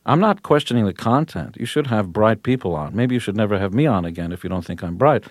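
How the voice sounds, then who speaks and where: A brash man in his fifties talks in a low voice on a radio interview. His talk is boastful and punchy. The studio sound is dry and close. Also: animated, quick pace, dry recording. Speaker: rock musician guest.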